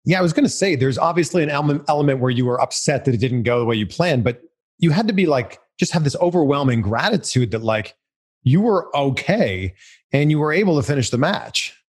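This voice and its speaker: A man's voice: fairly high pitch, lively intonation, a little fast, husky. A man interviewing a wrestler, asking questions in a friendly, conversational way.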